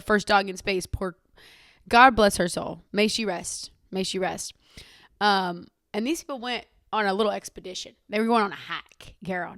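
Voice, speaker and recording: A woman's voice: medium pitch, a bit bright, no echo, clean studio sound. A young adult woman hosting her own podcast, talking casually in a sassy, chatty way and swearing freely. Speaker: podcast host. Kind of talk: casual chat.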